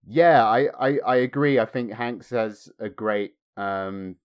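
A man's voice: medium pitch, slow, clear, resonant tone, muffled recording. A man hosting a film podcast, thoughtfully asking his co-hosts questions and giving his own views. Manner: thoughtful, poses questions to others. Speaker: podcast host. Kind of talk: casual film discussion.

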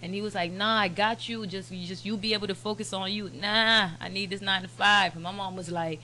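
Bright-voiced woman telling stories. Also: mid-range voice, fast, slight background noise. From United States, Haitian family. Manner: animated storyteller, quotes people in their own voices. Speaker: podcast guest, media brand owner. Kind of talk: casual chat.

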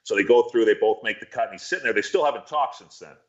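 A man's voice: mid-range voice, fast talker, lo-fi sound. A man casually telling a long, profane, rambling story on a podcast.

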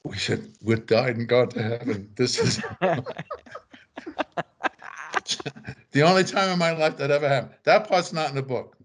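A man's voice: mid-range voice, expressive, fairly quick, hardly any pauses. Give me an older man as a talk show author, telling loose anecdotes and acting out the people in them. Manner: rambling anecdotes with quoted voices and laughs. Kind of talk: casual storytelling chat.

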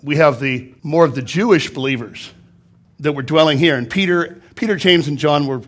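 A male pastor with a fairly high voice preaches to his congregation in a church. He reads scripture aloud, then unpacks it and drives points home with emphatic repetition. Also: moderate pace. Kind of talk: sermon. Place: church sanctuary.

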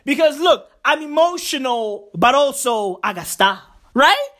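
Slow, high-voiced sarcastic woman podcaster. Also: lively intonation, fairly bright tone. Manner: profane, sarcastic and repetitive. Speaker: podcast host. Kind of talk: casual solo podcast rant.

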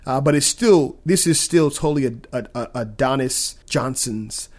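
A man's voice: medium pitch, moderate pace, a little mellow. A man co-hosting a filmmaking podcast, talking about movies in an upbeat, enthusiastic way. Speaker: podcast co-host. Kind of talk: casual film chat.

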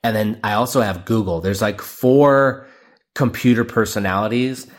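A man with a lowish voice runs a solo podcast at a moderate pace, rambling, joking, and laughing frequently. In his playful way he addresses listeners as "man" and "baby" over and over.

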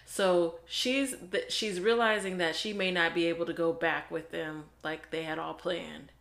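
Woman, lower voice, casual chat, animated retelling, book review co-host. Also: unhurried, gravelly. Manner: animated storytelling, acting out characters' lines.

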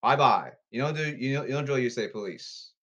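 A man rambling to his audience, reading rules off his phone and repeating himself insistently, with halting restarts. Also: medium pitch, highs cut off. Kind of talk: rambling monologue to camera.

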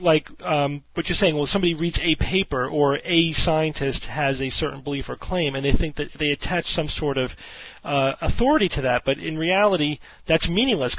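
A man's voice: on the high side, a little fast, few pauses, no room sound. A man hosting a podcast, explaining his points in a thoughtful way and correcting himself mid-sentence. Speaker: podcast host. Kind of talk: discussion in a podcast interview. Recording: dull lo-fi audio.

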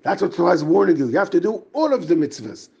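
A man talks through the weekly Torah portion in a high, husky voice that swings up and down as he acts out the inner voices of the people in the verses. His tone has a gravelly edge. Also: sing-song, fast talker, a little mellow, highs cut off. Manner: explains verses, mixes Hebrew terms into English, acts out inner voices. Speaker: rabbi giving a Torah talk.

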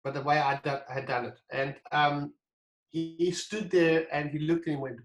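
Guest, fairly high voice, lively storyteller, roomy echo. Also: male voice, fairly quick. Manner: animated, acts out quoted dialogue, frequent restarts. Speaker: guest, wine brand founder. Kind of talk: casual storytelling interview.

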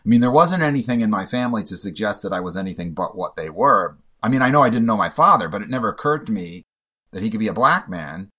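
A man telling a personal story in a halting, emotional way, often stumbling and repeating himself. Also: fairly low pitch, lively intonation, pushed and bright.

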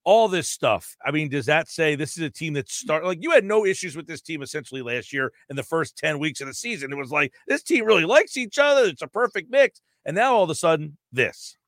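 A male sports radio host talks casually and lays out long questions for his guest. His voice sits a bit high, and the room sounds dry and close. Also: animated, a little fast, few pauses, fairly bright tone, dry recording. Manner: conversational, poses long questions.

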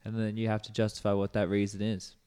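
A man's voice: on the low side, quick pace, smooth. A man in casual podcast chat, talking things through at an easy pace. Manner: relaxed, reasoning aloud with fillers.

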